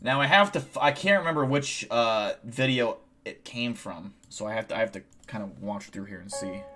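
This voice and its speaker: A man's voice: lowish voice, moderate pace, pushed and bright. A young man streaming live, chatting casually and telling a rambling, profane, boastful story.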